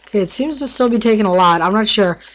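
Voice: mid-range voice, fast, a bit bright. A gameplay tutorial narrator in casual commentary, who stumbles over words while explaining and throws in playful trash talk.

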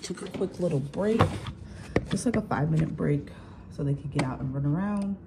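Young woman vlogging at home, low voice, blunt and slangy, noisy room behind her. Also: lively intonation, moderate pace. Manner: candid, slangy, venting with heated retelling. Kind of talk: casual vlog chat. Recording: home recording with clear background noise.

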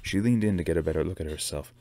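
A man reading a novel aloud with steady narration. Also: sits low, very fast. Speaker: reader.

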